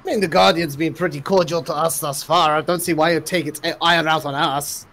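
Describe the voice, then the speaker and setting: Man, slightly high, mild reasonable in-character talk. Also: steady tone, brisk, a bit bright. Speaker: player.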